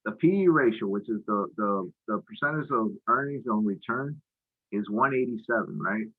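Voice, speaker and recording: A husky, low-pitched man runs through a casual trading recap while walking through his charts. He rambles loosely, full of fillers and slang. The sound is thin and tinny, like it came over a phone line. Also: normal speed. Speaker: futures trading presenter. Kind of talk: casual screen-share market recap.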